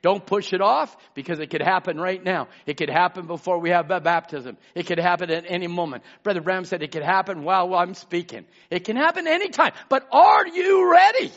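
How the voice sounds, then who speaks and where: A man preaching a sermon as pastor, swinging between emphatic shouts and hushed asides and calling out listeners by name. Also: sits high, lively intonation, brisk, few pauses. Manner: calls out congregation members by name. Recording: dull lo-fi sermon recording.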